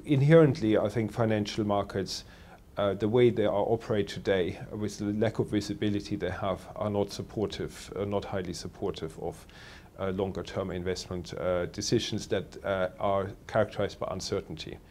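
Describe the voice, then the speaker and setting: A man working as a telecoms analyst, answering interview questions in a measured way with many pauses and fillers. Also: fairly low pitch, steady tone, darkish tone.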